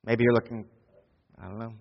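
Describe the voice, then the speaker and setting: A pastor preaching a sermon, swinging from loud, quick urgency to hushed, slow intimacy. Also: male voice, mid-range voice, fairly even intonation, gravelly, big-room sound, dull audio. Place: church.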